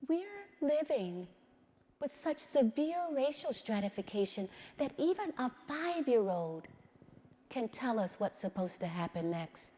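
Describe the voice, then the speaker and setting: A woman's voice: a little high, big pitch swings, warm tone, long reverb tail. Woman telling a story in a talk. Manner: measured storytelling with frequent "right?" asides. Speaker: speaker giving a talk.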